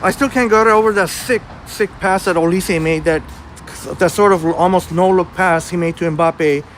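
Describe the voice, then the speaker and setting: A man's voice: high voice, normal speed, a bit bright, a little hiss or hum. A man hosting a casual live walking stream outdoors on a city street, chatting and greeting viewers by name. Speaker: livestream host reading viewer chat.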